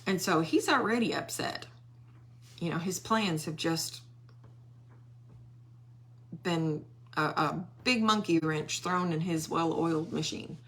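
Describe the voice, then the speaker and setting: A woman teaching a Bible study, retelling a scripture story in an animated, conversational way and acting out the characters' lines. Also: deep voice, slow, long pauses.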